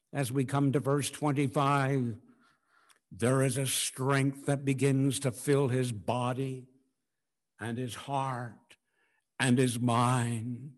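A man preaching a sermon, swinging from hushed, drawn-out phrases to loud, ringing declarations as he acts out scripture. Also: mid-range voice. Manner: dramatic swings from hushed to loud, acting out quotes.

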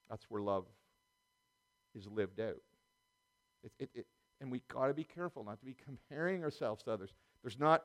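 A man's voice: medium pitch, darkish tone. Middle-aged man preaching in a chatty way. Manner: conversational, with frequent restarts and chuckles. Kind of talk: sermon.

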